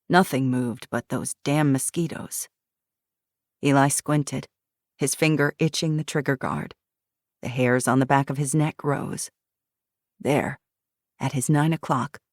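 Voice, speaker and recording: A woman narrating an audiobook in a steady, measured reading style into a close mic. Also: very deep voice, dry recording. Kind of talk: scripted narration.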